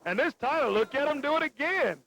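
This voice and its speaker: Excitable man calling wrestling, very high voice. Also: a little fast. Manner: excitable, exclaiming calls. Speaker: play-by-play announcer. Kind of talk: wrestling play-by-play. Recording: noisy lo-fi TV broadcast.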